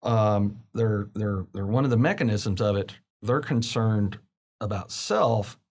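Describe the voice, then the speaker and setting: A man, a business coach, a guest on a podcast, telling stories in an animated, conversational way. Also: fairly low pitch, a little slow. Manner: animated storytelling, acts out quoted people.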